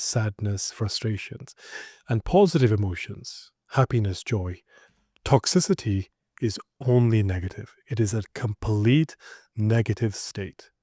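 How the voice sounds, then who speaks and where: A man's voice: fairly low pitch, warm tone, no room sound, studio quality. A man giving direct, emphatic relationship advice in an instructional monologue, acting out small example scenes. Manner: direct, emphatic, lecturing listeners with acted examples. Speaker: relationship coach.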